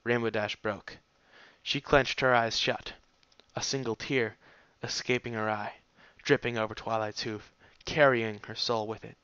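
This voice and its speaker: A man narrates a fan fiction story in a steady, measured way. His voice is bright and forceful, captured dry and close. The sound is dull and lo-fi. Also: on the low side, clean tone, no room sound. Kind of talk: audiobook reading of fan fiction.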